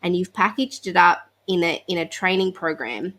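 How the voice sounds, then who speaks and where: A woman's voice: lowish voice, moderate pace, fairly bright tone. A woman hosting a podcast interview, summing up her guest's work before asking thoughtful questions. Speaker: podcast host.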